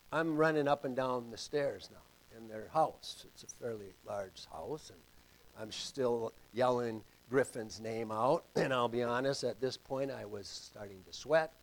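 An older man preaching a sermon and telling a personal story, moving from loud calls to hushed asides. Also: on the high side, poor audio.

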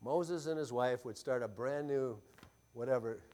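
Unhurried and medium-pitched, the man preaches as a pastor with real emphasis. Rhetorical questions to the congregation mix with a swing between loudly stressed words and quiet asides.

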